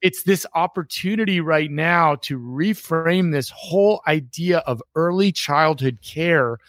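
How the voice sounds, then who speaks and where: A man hosting an interview, speaking in a measured, thoughtful way as he asks questions. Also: fairly high pitch, a bit bright. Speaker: host. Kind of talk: casual interview chat.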